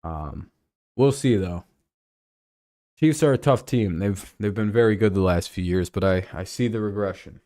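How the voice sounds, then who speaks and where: A man's voice: fairly low pitch, moderate pace, mellow, no echo, studio quality. A man streaming live, talking football in a rambling, profane way with lots of fillers and restarts. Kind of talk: casual live-stream sports chat.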